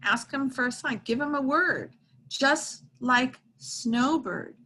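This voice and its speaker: A middle-aged woman, a medium, telling a heartfelt story and reassuring a support group in an earnest, gentle way. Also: high voice, lively intonation, takes it slowly, a little hiss or hum, rough recording.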